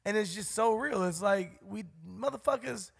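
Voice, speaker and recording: A man's voice: sits high, moderate pace, creaky. A man co-hosting a podcast, talking bluntly and heatedly in casual chat and swearing freely. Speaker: podcast co-host.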